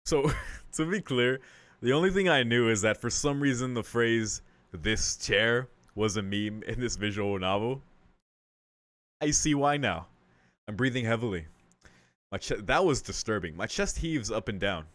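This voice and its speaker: A young man reads a visual novel aloud and comments on it between lines. His talk is loose and rambling, full of swearing and filler words. His mid-pitched voice is recorded dry and close. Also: expressive, moderate pace, fairly bright tone, no room sound. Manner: rambling and profane, full of "like" and "dude". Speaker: let's play host.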